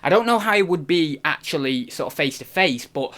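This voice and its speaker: Chatty man, slightly high voice. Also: lively intonation, fairly quick, a bit bright. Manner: rambling, self-deprecating, chatty with restarts. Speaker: reselling streamer host. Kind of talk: casual live stream chat.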